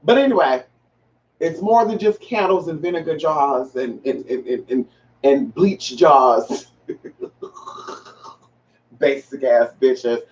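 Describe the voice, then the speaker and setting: A transgender woman with a low, darkish voice hosts a casual livestream, speaking slowly and pausing often. She chats with viewers in a sassy, profane way, calling them honey and girl, and the lo-fi audio is dull, roomy, and distant.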